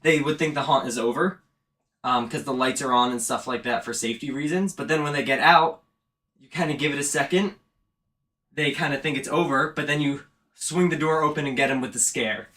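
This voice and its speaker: A man talks casually and in a rambling way, often drifting off his point and catching himself. His voice sits a bit high and sounds bright and forward. He is indoors, unboxing and setting up a prop. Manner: rambling, self-aware. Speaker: vlogger and haunt actor. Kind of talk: casual chat.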